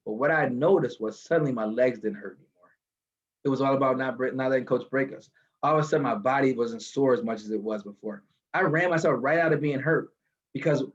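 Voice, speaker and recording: A man telling a motivational story from his car, animated and building to a lesson, over a video call. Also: medium pitch, brisk, dull audio. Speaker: guest speaker.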